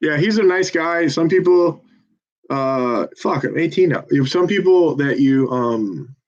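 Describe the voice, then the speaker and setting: A man's voice: on the high side, expressive, unhurried, dull audio. A man volunteering at a phone bank, chatting casually to viewers between calls in a rambling, profane, self-deprecating pep talk.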